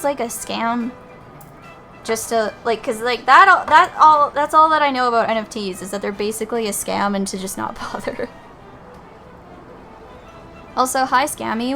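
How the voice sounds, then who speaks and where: A woman's voice: a little high, sharp tone, poor audio. A young woman streamer chatting casually while gaming, swearing freely and saying "like" a lot. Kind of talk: casual chat while playing a game.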